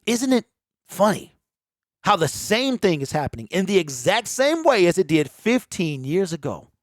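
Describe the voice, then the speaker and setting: Speaking at normal speed, a high-voiced commentator gets fired up about sports, talking directly to viewers in slang with a preachy, animated manner. A popping desk mic at home records him, dry and studio quality.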